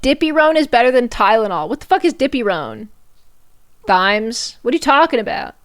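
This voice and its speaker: A woman's voice: on the high side, very animated, moderate pace. Chatty young woman streamer, slangy. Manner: chatty, swearing, slangy, laughs often. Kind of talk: casual stream chat.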